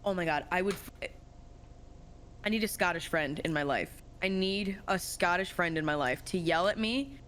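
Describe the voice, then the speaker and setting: A woman's voice: lowish voice, moderate pace, a bit bright, a little hiss or hum. Giggly woman chatting on a podcast. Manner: giggly and playful. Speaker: podcast guest. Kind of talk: casual podcast chat.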